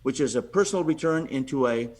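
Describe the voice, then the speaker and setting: A man, a podcast guest, telling a lively story and acting out the voices of the people in it, often restarting and repeating words. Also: mid-range voice, quick pace. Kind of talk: animated storytelling.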